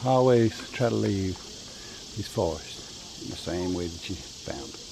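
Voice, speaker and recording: A middle-aged man with a Louisiana accent rambles and jokes his way through a forest hike, talking into a handheld camera. His voice is gravelly and swings widely in pitch. Faint outdoor noise sits under the recording. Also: lively intonation, takes it slowly. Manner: rambling, joking, folksy. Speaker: vlogger. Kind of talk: casual hiking vlog narration.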